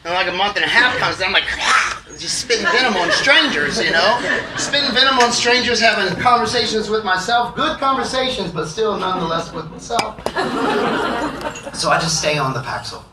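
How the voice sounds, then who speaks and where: A man's voice: sits high, animated, fairly quick, very noisy. A man, a singer-songwriter, telling stories between songs on a concert stage, bantering with the audience in a self-deprecating, swearing way. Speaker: singer-songwriter performing live. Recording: roomy live recording from a distance, music behind.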